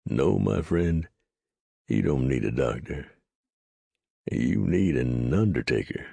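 A man voicing a cool, unhurried Texan gunman with a mocking drawl in an audiobook reading. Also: very deep voice, animated, vocal fry, warm tone, breathy edge, no echo, heavily acted. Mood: cold. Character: cold, calm Texan gunman, smug and unhurried.

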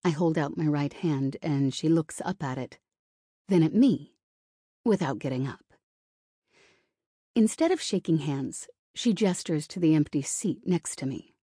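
A woman's voice: deep voice, expressive, a little slow, long pauses, warm tone, husky, dry recording, clean studio sound. A woman reading a novel in the first person, wry and self-conscious in tone. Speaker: audiobook narrator.

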